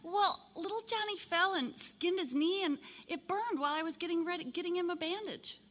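Brief: woman volunteer voicing worn-out housewife, bright tone, sharp when pushed, slight room reverb. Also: very high voice, a little fast, a little hiss or hum. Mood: placating. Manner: appeasing then sharp-tongued. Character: weary housewife defending herself to husband. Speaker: workshop volunteer reader. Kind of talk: reading a scripted dialogue aloud. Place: sunlit meeting room.

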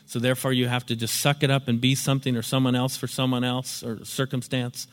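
A man's voice: medium pitch, flat delivery, fast. A man giving a lecture in a storytelling, explanatory manner. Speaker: teacher. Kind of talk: spoken lecture with acted examples. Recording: long hall reverb.

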